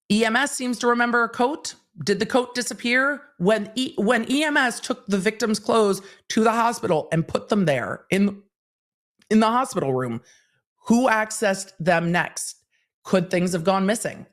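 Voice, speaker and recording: A woman hosting a casual livestream, recapping a trial in a chatty way, acting out quotes as she retells them. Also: mid-range voice. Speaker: legal commentator and livestream host.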